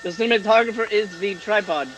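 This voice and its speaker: A man's voice: high-pitched, quick pace, fairly bright tone, slight background noise, low-quality recording. A man hosting a live stream, reacting to a bad movie with incredulous, profane commentary and frequent laughter.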